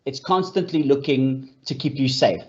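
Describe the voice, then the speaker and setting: A man giving a talk for leaders, explaining ideas and telling stories in an animated way, repeating his key points and addressing his listeners as friends. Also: mid-range voice, moderate pace, slight background noise. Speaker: speaker on mental health for leaders. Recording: dull lo-fi sound.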